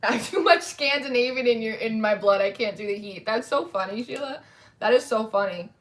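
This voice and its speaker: A woman's voice: a little high, animated, a little fast. Chatty woman hosting a livestream. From New Jersey, USA. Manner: chatty, says "like" a lot. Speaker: tarot livestream host. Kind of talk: casual chat reading live comments.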